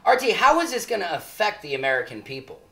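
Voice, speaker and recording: A woman's voice: fairly low pitch, very animated, quick pace, pushed and bright, reverberant. A woman hosting a comedy news spoof, reading stories in a mock-serious anchor manner. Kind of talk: deadpan mock newscast.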